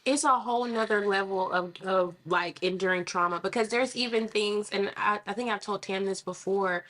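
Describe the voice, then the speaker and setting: A woman in casual podcast chat, telling lively stories about her children and acting out what was said. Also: mid-range voice, moderate pace. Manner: animated storyteller, acts out quotes. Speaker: mother on a podcast.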